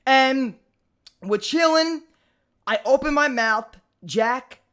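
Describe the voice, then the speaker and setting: Young male podcast host, Brooklyn accent, high-pitched, animated and profane. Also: slow, clean tone. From Brooklyn, New York. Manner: animated storytelling, profane, acts out quoted voices. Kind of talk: casual chat.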